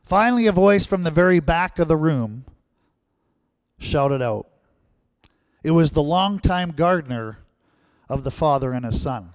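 A male preacher tells a story and then drives it home with repeated rhetorical questions to his listeners. His voice sits fairly high, and the recording is dry and close. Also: expressive, measured pace, pauses often, dry recording. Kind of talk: sermon with storytelling.

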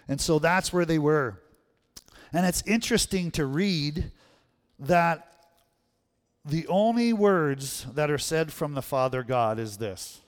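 A man's voice: a little high, lively intonation, slow pace, pauses often, in a large hall. A male pastor giving a sermon in a conversational way, often checking in with the congregation. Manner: conversational preaching, frequent "right?" check-ins. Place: church sanctuary.

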